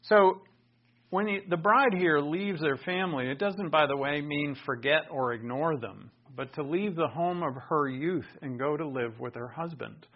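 Earnest man preaching with loud bursts. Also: on the high side, moderate pace, lo-fi sound. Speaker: pastor. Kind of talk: sermon.

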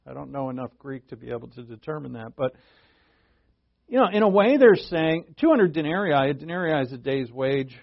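A man's voice: mid-range voice, vocal fry, dry recording, dull audio. A male preacher teaching a sermon verse by verse, in a conversational way that thinks aloud and asks rhetorical questions.

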